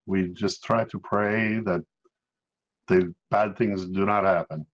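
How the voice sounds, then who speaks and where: A man's voice: sits low, steady tone, muffled recording. A man doing a priest with a shifting accent. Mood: calm. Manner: accent keeps switching, slow and patient. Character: adult male village priest, calm, devout.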